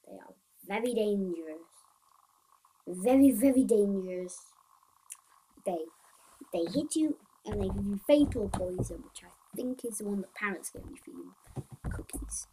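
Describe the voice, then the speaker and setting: Woman, podcast host, husky tone, mid pitch, casual rambling chat. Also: expressive, a little mellow, poor audio. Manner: rambling, reads out game update notes; thinks aloud with pauses and restarts.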